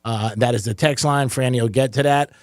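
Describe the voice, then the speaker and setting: A man hosting a talk radio show in the studio, joking and getting excited, laughing often. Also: medium pitch, fairly quick, no echo. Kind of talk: casual talk radio banter. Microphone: studio microphone.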